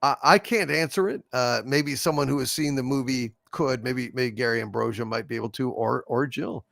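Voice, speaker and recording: A man's voice: medium pitch, moderate pace, creaky, fairly bright tone. A man hosting a casual livestream, reading out viewer super chats and reacting in a blunt, profane, joking way. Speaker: host.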